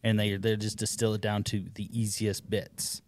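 A man co-hosting a casual podcast chat, relaxed and slangy. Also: on the low side, normal speed. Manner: laid-back, agreeable, slangy.

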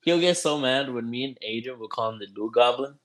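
A man telling profane, animated stories in a casual podcast chat. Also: medium pitch, a little fast.

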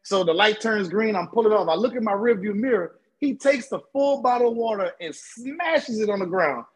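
A man telling expressive, laughing stories in a casual podcast chat. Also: high-pitched, normal speed, husky, poor audio.

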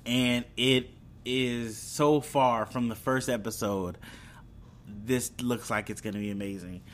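A man's voice: medium pitch, fairly even intonation, takes it slowly. A young man hosting a video, chatting casually about upcoming shows, rambling with fillers and restarts. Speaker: video host. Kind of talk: casual entertainment news chat.

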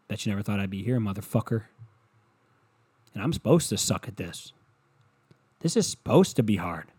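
A man's voice: lowish voice, big pitch swings, moderate pace, a little mellow, breathy edge. A young man hosting a solo comedy podcast, rambling crudely and self-deprecatingly while acting out other people's voices. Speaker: podcast host.

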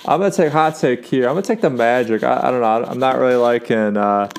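A man's voice: medium pitch, fast, smooth. A young man hosting a casual sports talk show, rambling with lots of fillers and restarts as he gives his takes. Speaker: sports podcast host.

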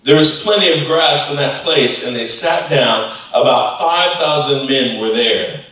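A male pastor preaching a lively sermon and acting out the voices of the disciples, recorded in a church sanctuary. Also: medium pitch, a little slow, far from the mic. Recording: echoey church hall, off-mic.

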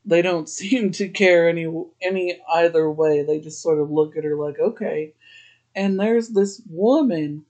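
A man's voice: on the high side, normal speed, hardly any pauses, a little mellow. Chatty man recapping a TV episode. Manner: chatty, laughs often, uses "like" a lot. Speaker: podcast host.

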